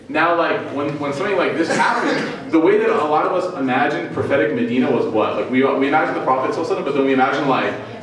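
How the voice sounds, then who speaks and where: A man from Chicago teaching Islamic studies to college students in a casual storytelling way, acting out the dialogue of the people in his story and joking with the audience. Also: fairly high pitch. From Chicago, United States. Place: lecture room with a student audience. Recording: very echoey room, mic at a distance.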